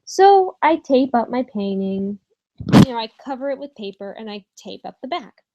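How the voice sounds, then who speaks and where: A young woman vlogger telling a personal story to camera in a candid, animated way, swearing and using fillers as she goes. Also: a little high, normal speed, muffled recording. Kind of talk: casual storytime vlog.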